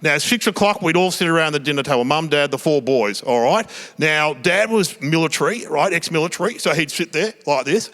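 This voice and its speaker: A man's voice: a little high, fairly quick, a bit bright. An Australian man in his fifties telling stand-up stories to a live audience, swearing and acting out family dialogue. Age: 50s. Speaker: stand-up comedian. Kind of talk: stand-up routine. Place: theatre stage before a live audience.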